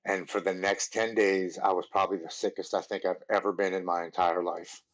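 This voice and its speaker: A man in his forties, a podcast guest, telling his recovery story in an earnest, halting way with many restarts. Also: sits low, flat delivery, low-quality recording. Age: 40s.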